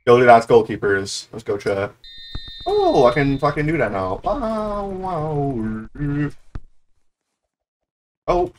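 A man giving live gameplay commentary, excitable and trash-talking, who swears a lot, rants about the game and breaks into sudden high yelps. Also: moderate pace, a little hiss or hum. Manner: grumbling, ranting complaints. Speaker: gaming YouTuber.

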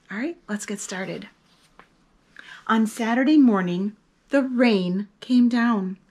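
A woman reading a picture book aloud to children, lively and expressive, acting out the story's characters. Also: medium pitch, slightly rough.

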